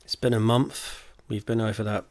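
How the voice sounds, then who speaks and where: A man's voice: lowish voice, fairly even intonation, normal speed, a little mellow, no room sound. A man reading his own novel in one casual take, dry and sweary, with a slightly blocked nose.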